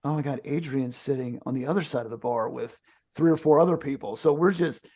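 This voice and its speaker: A man's voice: medium pitch, a little fast, dark tone. A man from the United States, a podcast co-host, telling a jokey story in casual chat.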